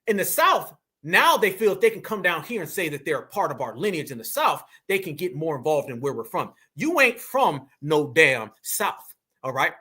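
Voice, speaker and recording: Animated, bright-voiced man ranting. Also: a little high, brisk, hardly any pauses. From New York. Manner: emphatic, preachy, animated, addresses audience as fam. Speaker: political commentary host. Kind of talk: fiery monologue to viewers.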